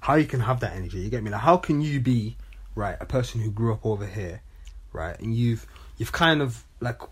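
Young man, rapid speech, husky tone, argumentative podcast banter. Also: on the low side, animated. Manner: quick, argumentative, interjecting. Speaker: podcast co-host. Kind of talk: casual chat.

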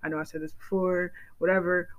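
High-voiced excitable man hosting a podcast. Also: brisk, rough recording. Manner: excitable, gushing, repeats himself, swears. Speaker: podcast host. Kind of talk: casual solo podcast chat.

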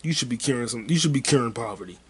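A man's voice: medium pitch, animated, rapid-fire, a crowd in the background. A man hosting his own podcast, rambling through a casual solo monologue in a crude, heated way and mocking people with repeated put-downs. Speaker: podcast host.

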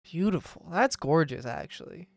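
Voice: mid-range voice, sing-song, moderate pace, gravelly, dry recording. A podcast co-host trading dry quips in casual chat. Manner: dry quips, frequent laughter.

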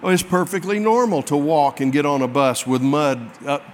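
Guy preacher spinning a funny story on himself, voice a bit high, big echoey church hall. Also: moderate pace, slight background noise. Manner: folksy, self-mocking anecdote. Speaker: pastor. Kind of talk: sermon storytelling. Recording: long hall reverb.

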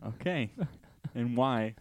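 A young man co-hosting a podcast in casual chat, teasing and deadpan with mock-dramatic bits. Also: medium pitch, slow, no echo. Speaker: podcast co-host.

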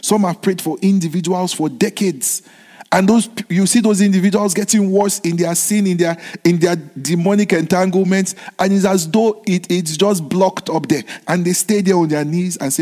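A man's voice: high voice, steady tone, normal speed, a little mellow, big-room sound. A man preaching a sermon, repeating key phrases with emphasis and calling on the congregation to respond.

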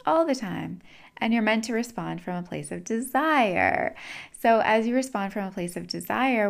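A woman's voice: mid-range voice, vocal fry. A woman giving a casual spiritual teaching talk in a chatty, repetitive way, acting out little everyday dialogues as she explains.

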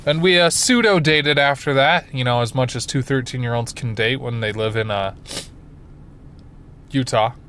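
A man's voice: mid-range voice, moderate pace, a bit bright. A man in his twenties telling a comic story with playful, self-mocking bravado, acting out the voices of the people in it. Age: 20s. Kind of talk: comedic storytelling to camera.

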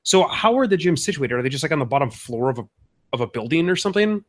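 A man's voice: fairly high pitch, expressive, fast talker. A man from Minnesota co-hosting a podcast, chatting casually and teasing his co-host. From Minnesota, USA. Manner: teasing, joking banter. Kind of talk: casual chat. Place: suburbs of Minnesota.

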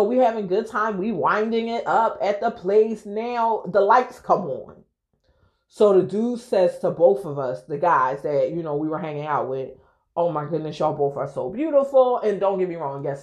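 A young woman telling a personal story on her podcast in a candid, profane, lively way. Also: lowish voice. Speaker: podcast host. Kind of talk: casual storytelling to listeners.

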